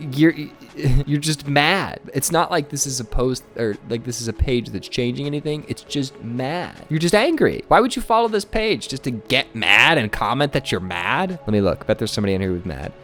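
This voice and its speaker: A man's voice: medium pitch, animated, normal speed, a bit bright, faint music behind. A man giving sarcastic, incredulous reaction commentary, ranting about online posts and then reflecting in a monologue.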